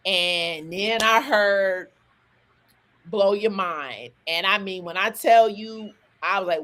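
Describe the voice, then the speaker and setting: In a mid-range voice, an Atlanta rapper in her forties, a Southerner whose accent is neutral and non-regional, talks as a guest in a laid-back interview. She's animated, speeding through stories in bursts filled with restarts and side remarks.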